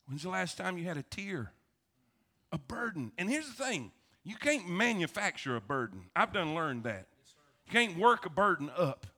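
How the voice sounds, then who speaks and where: A pastor, preaching a sermon and telling stories with emphasis and humor. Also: male voice, sits high, very animated, moderate pace, pushed and bright.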